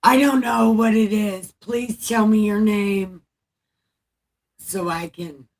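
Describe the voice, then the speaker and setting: Slow-talking woman hosting, dry asides. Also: medium pitch, steady tone. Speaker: host and daughter. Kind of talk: casual chat.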